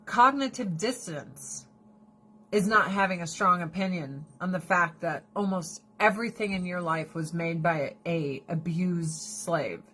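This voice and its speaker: A woman in her thirties chatting casually to her viewers, swearing freely and ranting with animated storytelling. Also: fairly low pitch, measured pace. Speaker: vlogger. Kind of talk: casual chat.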